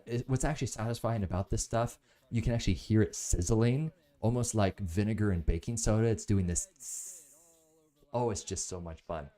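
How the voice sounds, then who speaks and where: A man's voice: on the low side, darkish tone. A man hosting a casual live product review, enthusiastic and rambling into stories.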